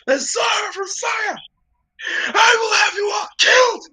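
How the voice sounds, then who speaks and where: Enraged elf tsar: shrill, bright, screaming, pompous. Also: male voice, quick pace. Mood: outraged. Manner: screaming threats, high and shrill.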